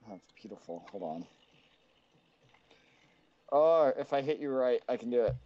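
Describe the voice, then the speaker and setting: A man's voice: mid-range voice, normal speed, no room sound, dull audio. A young man playing a co-op game with a friend, yelping, laughing and mocking himself as he struggles. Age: young adult. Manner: excitable, yelps and laughs, self-mocking. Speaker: co-op gaming partner. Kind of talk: casual gameplay chat.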